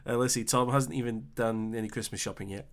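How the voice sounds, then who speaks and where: A young man with a Scottish accent hosting a casual live stream, chatting easily and reading out viewer comments with relaxed filler pauses. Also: mid-range voice. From Scotland. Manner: chatty and easygoing, thinking aloud with filler pauses.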